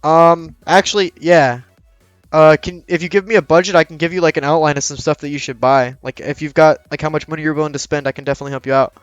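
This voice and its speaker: A man's voice: on the high side, fairly even intonation, fast, no room sound, muffled recording, soft background music. A young man streaming and chatting casually, with crude sarcastic banter and a slight lisp. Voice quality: slight lisp from dry mouth. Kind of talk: casual chat while streaming.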